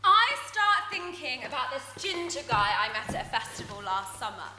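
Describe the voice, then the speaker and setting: A woman's voice: high voice, big pitch swings, moderate pace, roomy sound, over music. An actress playing a young woman in a reflective monologue, distant and recollecting. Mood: wistful. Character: young woman recalling a wild summer. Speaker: drama student in a showcase monologue.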